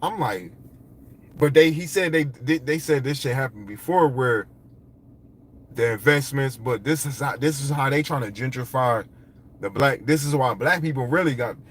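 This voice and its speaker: A man talking to camera in a rambling, profane, animated monologue. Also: mid-range voice, normal speed, slight background noise. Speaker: vlogger. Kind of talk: casual monologue.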